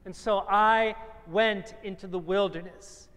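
A man preaching from the pulpit with a notably high voice, building his points through slow, emphatic repetition. The sound rings out with the long, trailing reverb of a large church sanctuary, as if he is taking on a biblical persona for the congregation. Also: fairly even intonation, a bit bright. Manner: measured, emphatic, repetitive phrasing. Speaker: pastor. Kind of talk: first-person dramatic sermon.

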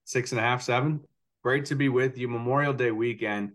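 A man's voice: mid-range voice, steady tone, a little fast, a bit bright. A man in his thirties co-hosting a casual podcast, rambling and laughing easily as he tells a story. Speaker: podcast co-host. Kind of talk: casual chat.

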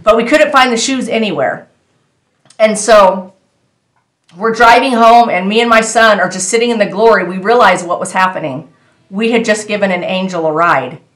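A woman's voice: medium pitch, normal speed, roomy sound. A woman telling a personal faith testimony in a casual, earnest way, speaking straight to her viewers. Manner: earnest, animated storytelling that addresses viewers directly. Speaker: storyteller sharing a faith testimony.

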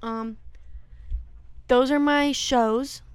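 A young woman co-hosting a podcast, joking and chatting loosely with her friend. Her voice is smooth and a little high, recorded dry and close with no room sound. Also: steady tone, drawn-out words, dry recording. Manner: playful, jokey, chatty. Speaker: podcast co-host. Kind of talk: casual chat.

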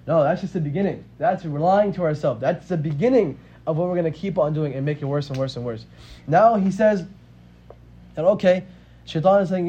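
A man's voice: a little high, a little fast, dark tone. A man in his twenties telling a religious story in a casual, conversational way and often asking "right?". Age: 20s. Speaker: religious teacher. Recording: dull lo-fi audio with faint hiss.

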